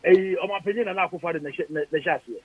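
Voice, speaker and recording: A Ghanaian-accented politician, appearing as a guest on a radio interview, speaks in a husky, high-sitting voice at a rapid-fire pace with no echo. He fires off emphatic, indignant rhetorical questions over dull, lo-fi radio audio.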